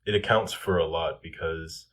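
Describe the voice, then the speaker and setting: A young man offers casual self-improvement advice in a loose manner, filling his speech with lots of "like" and "um." His voice is low-pitched, husky and fairly bright, at a normal speed.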